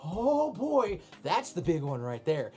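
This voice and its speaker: A man's voice: sits high, wildly swooping pitch, takes it slowly, dark tone, soft background music. Ranting, swearing male co-host. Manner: profane, ranting, incredulous. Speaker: podcast co-host. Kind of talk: casual chat.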